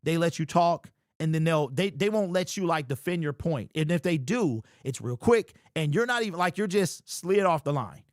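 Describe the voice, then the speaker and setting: Exasperated sports host, lively high voice. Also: male voice, moderate pace, hardly any pauses, dry recording, clean studio sound. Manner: exasperated, incredulous, repeats himself. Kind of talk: livestream sports rant, reading super chats.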